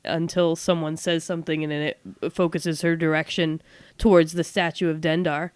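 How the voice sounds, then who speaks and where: Smooth-voiced woman describing her character. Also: sits low, flat delivery, normal speed, no room sound. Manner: hesitant, many ums, talking through her character's reaction. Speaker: podcast player. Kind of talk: casual podcast chat.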